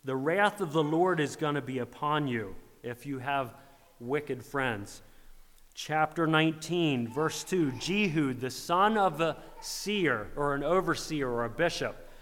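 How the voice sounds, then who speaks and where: A man's voice: a little high, lively intonation, unhurried, fairly bright tone. Man preaching in an echoing hall. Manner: retells scripture in dramatized voices, rhetorical questions. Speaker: pastor. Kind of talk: sermon. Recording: long reverb of a large hall.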